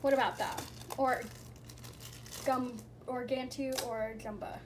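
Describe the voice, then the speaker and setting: A woman with a high, light voice talks through a toy unboxing in a slow, unhurried way, gushing and squealing as each piece is revealed. Between the reveals she drops into soft whispers, and a faint hiss sits under her voice. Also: fairly even intonation. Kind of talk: casual unboxing chat.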